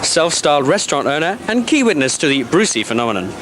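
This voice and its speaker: A man presents a mock-serious documentary in a pompous, dramatic way. His voice sits a little high and moves up and down a lot. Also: sing-song, fast, background noise.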